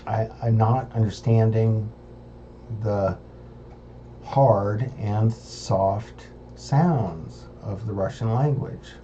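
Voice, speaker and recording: A man with an American accent working through a study session, thinking aloud in a halting way as he sounds out syllables one by one. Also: on the low side, mellow, highs cut off, a little hiss or hum. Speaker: language learner. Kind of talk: self-recorded study session.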